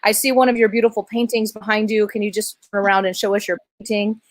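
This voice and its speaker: A woman's voice: medium pitch, fairly even intonation, quick pace. A woman hosting an online interview, effusive and emotional. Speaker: host. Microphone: video call.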